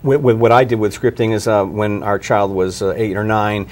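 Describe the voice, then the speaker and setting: A man's voice: on the low side, fairly even intonation, moderate pace. A middle-aged man hosting a cable parenting show, telling stories in a friendly way with fillers and restarts. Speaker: parenting talk show host. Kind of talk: cable TV interview.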